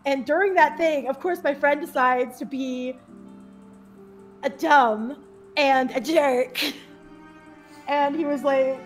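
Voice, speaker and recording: A young woman, a podcast guest, telling stories in a casual chat, giggling often and acting out what people said in a brighter voice. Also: slow pace, pauses often, soft background music. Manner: bubbly, giggly, acts out quotes in a higher voice.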